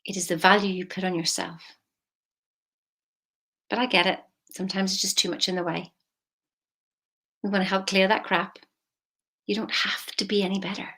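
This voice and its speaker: A woman, a money mindset coach talking casually, emphatic and chatty with soft intimate asides. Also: on the low side. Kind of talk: casual motivational vlog.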